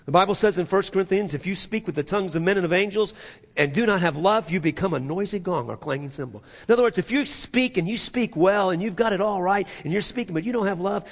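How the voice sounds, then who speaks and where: A male pastor preaching a sermon in a church, swinging from loud, emphatic passages to near-hushed ones. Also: sits high, expressive, fast talker, in a large hall, a little hiss or hum.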